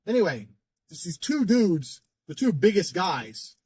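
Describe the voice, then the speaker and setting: A man's voice: sits high, very animated, measured pace, darkish tone, breathy edge, no echo. A man, telling a brash, profanity-laden anecdote in a blunt way. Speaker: storyteller.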